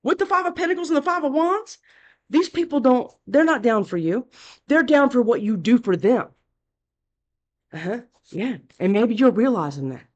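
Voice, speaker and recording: A woman's voice: on the high side, darkish tone, highs cut off. A woman giving a casual tarot reading, talking bluntly and chattily, scolding and cursing freely. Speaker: tarot reader.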